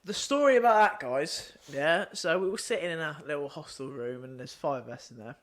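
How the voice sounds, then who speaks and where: High, excitable lad. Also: male voice, fairly quick. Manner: excitable, laughing storyteller. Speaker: podcast co-host. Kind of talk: casual chat.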